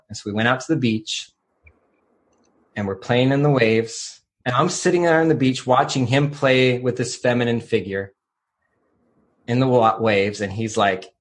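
A man's voice: medium pitch, normal speed. A man on a podcast telling a personal story in a loose, reflective way, with many fillers. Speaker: podcast co-host.

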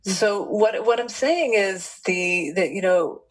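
A woman speaking as a relationship expert, telling stories from her interviews in an animated, rambling way with many restarts. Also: mid-range voice, slow pace, poor audio. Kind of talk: storytelling interview answers.

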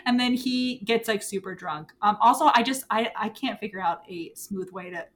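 A woman's voice: mid-range voice, normal speed, fairly bright tone. A woman co-hosting a podcast, chatting casually and animatedly, acting out characters' lines with swearing and laughter. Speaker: podcast co-host. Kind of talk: casual book-club chat.

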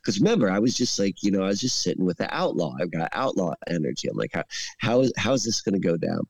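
A man's voice: low voice, fast, no echo. A man telling a long, rambling story in casual chat, full of fillers, laughing as he goes. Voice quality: rambling, heavy use of "like". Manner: animated, laughs while telling. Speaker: podcast storyteller.

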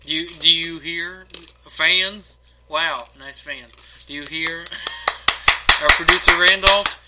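A man's voice: a little high, steady tone, slow, very noisy. A young man hosting a casual podcast, joking and laughing often. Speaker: podcast host. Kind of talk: casual chat.

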